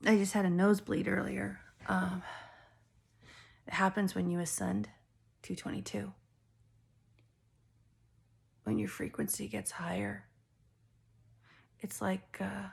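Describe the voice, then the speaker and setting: A woman's voice: mid-range voice, gravelly, husky. An older woman giving an intuitive collective tarot reading, rambling from thought to thought and trailing off into whispered asides. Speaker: tarot reader and spiritual healer.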